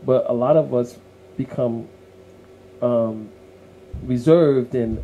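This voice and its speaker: Very dark-voiced man, earnest and motivational. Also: medium pitch, takes it slowly, highs cut off, slight background noise. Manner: earnest, motivational, repeats words while he finds his point. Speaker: co-host. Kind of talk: casual podcast conversation.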